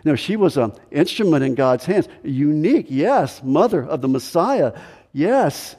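A man's voice: on the high side, big pitch swings, a little slow, mellow, husky. A man preaching a sermon as pastor, emphatic, repeating key phrases for stress. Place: church sanctuary. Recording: echoey hall with long reverb.

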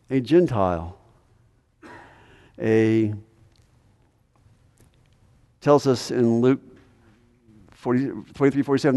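Male pastor, emphatic sermon delivery, hushed to loud, long hall reverb. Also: mid-range voice.

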